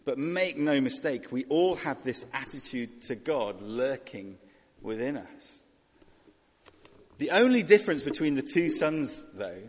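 Husky man preaching in a reverberant hall. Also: medium pitch, sing-song, measured pace. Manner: conversational, rhetorical questions, voices characters mockingly. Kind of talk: sermon.

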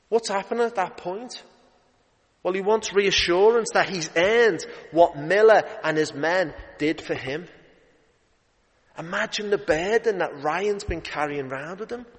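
A man preaching an evening sermon, lively and emphatic, rising in urgency as he drives his points home. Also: sits high, unhurried. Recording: long hall reverb.

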